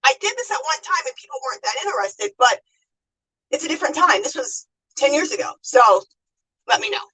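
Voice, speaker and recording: A woman's voice: high-pitched, big pitch swings, brisk, pushed and bright, far from the mic, rough recording. A middle-aged American woman hosting a casual livestream, chatting and laughing as she reads viewer comments aloud. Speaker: livestream host.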